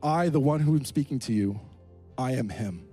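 A male preacher voicing a calm, gentle teacher, speaking slowly and quietly. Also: mid-range voice, breathy edge, soft background music, lightly acted.

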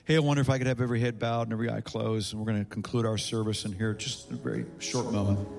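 A man's voice: lowish voice, fairly even intonation, racing, vocal fry, a little mellow, soft background music. A man preaching a sermon as a pastor in a church, his volume rising and falling for emphasis. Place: church sanctuary.

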